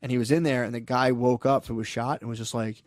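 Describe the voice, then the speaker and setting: A man's voice: medium pitch, steady tone, fast talker, darkish tone, dry recording, studio quality. A young man telling a wild story in casual podcast chat, rambling and profane, full of "like" and "dude".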